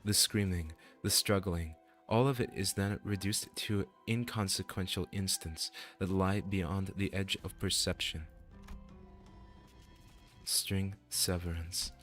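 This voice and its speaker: Deep-voiced man reading game dialogue dramatically. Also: steady tone, slow pace, a bit bright, soft background music.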